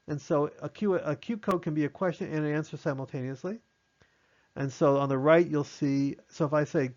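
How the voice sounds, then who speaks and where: A man with a slightly raised pitch gives a relaxed online class on amateur radio. He explains things in a loose, chatty way, full of restarts, and acts out quick on-air exchanges. The audio is a little dull and lo-fi.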